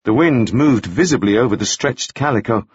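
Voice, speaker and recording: A man narrating a novel in measured, expressive storytelling. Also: mid-range voice, breathy edge, no room sound, muffled recording. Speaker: audiobook narrator. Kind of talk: scripted narration.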